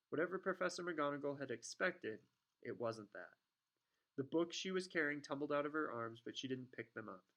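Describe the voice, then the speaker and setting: A man narrating a children's fantasy novel in a steady, expressive reading voice. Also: mid-range voice, a little fast. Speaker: audiobook reader. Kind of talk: storybook narration.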